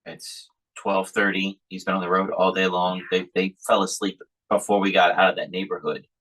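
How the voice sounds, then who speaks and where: A man's voice: deep voice, flat delivery, moderate pace, a bit bright, rough recording. A man hosting a podcast, chatting casually and telling a rambling story about his family. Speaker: podcast host. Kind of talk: casual chat.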